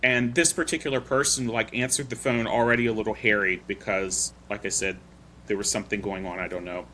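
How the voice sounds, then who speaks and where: Bright-voiced male podcast host. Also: fairly low pitch, steady tone, a little fast, slight background noise. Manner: chatty storyteller, loose and rambling. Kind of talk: casual chat.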